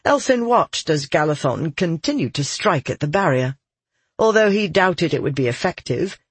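Husky, slow male audiobook narrator. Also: a little high, no room sound. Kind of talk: scripted fantasy narration.

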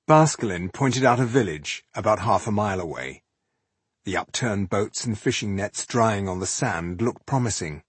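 A man narrating a fantasy audiobook in a measured, expressive way. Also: fairly low pitch, slightly rough, no room sound.

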